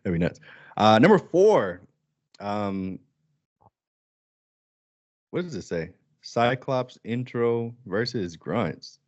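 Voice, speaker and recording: Male podcast co-host, relaxed chat with lively bits; low-ish voice, muffled lo-fi recording. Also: takes it slowly, long pauses. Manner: animated, jumps high to act out quoted lines. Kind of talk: casual chat.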